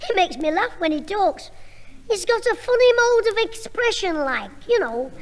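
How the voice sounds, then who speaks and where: An actor playing a cheeky, wisecracking young schoolboy, in a vintage radio comedy. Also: male voice, very high-pitched, sing-song, normal speed, full character voice. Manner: cheeky backchat. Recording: old broadcast with hall reverb and faint hiss.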